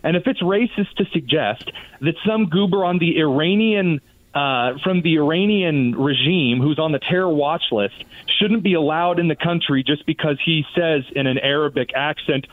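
Male radio guest on a phone line, slightly high voice, dry and tinny sound, sarcastic and mocking. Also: expressive, normal speed, dry recording. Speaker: guest commentator. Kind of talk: political talk radio interview.

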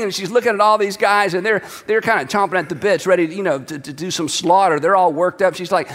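A man's voice: sits high, fast talker, few pauses, fairly bright tone, big-room sound. A man preaching a sermon, reading scripture aloud with dramatic emphasis. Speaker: pastor.

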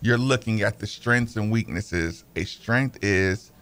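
A man's voice: lowish voice, a little slow, a bit bright. A man from North Carolina co-hosting a casual sports talk show, rambling with frequent restarts. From Asheville, North Carolina. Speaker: podcast co-host.

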